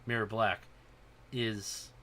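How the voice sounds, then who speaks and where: A man hosting a casual podcast chat, excited and profane, getting loud when he acts out scenes. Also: on the low side, slow pace, a crowd in the background. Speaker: podcast host.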